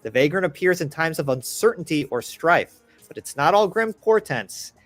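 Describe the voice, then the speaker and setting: A man's voice: on the high side, animated, moderate pace, soft background music. A man on a livestream, reading a tarot card's meaning aloud in a theatrical way that swings from pleading to mournful. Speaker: cast member on a livestream.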